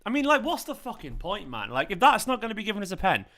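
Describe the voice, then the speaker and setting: A man's voice: high voice, wildly swooping pitch, quick pace, sharp tone. A young man hosting a live football watchalong, ranting furiously at a referee decision and swearing over and over. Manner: furious, swearing, repeats himself. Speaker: football fan channel host.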